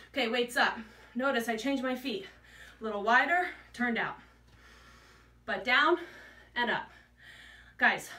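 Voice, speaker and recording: A woman with a high, fairly bright voice leads a workout class as a fitness instructor, counting reps while she exercises, out of breath and encouraging. The room is echoey and the mic sits at a distance.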